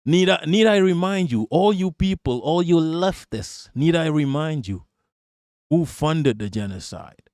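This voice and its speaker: A man's voice: on the high side, lively intonation, a little slow, a little mellow, no echo, studio quality. Heated, profane male streamer. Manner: heated, profane, repeating for emphasis. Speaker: streamer reacting to political clips. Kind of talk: live-stream commentary.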